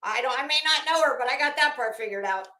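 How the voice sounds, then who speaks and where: Rambling woman host, high voice, roomy echo, casual chat with restarts. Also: quick pace, sharp tone. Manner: rambling, many restarts and fillers. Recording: echoey room.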